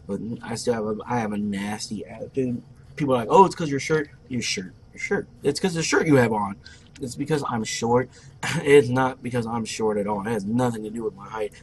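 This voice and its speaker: A man's voice: mid-range voice, steady tone, a little fast, breathy edge. Brash, profane man telling gaming stories. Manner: brash, profane, boastful storyteller. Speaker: gameplay commentator. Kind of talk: casual let's play storytelling.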